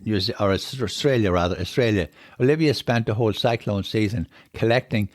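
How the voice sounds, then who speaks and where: Older irish man, low voice, dry close sound, rambling storyteller, podcast guest. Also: fairly quick, dry recording. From Ireland. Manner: rambling, repeats "on it", emotional when moved. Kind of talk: conversational storytelling.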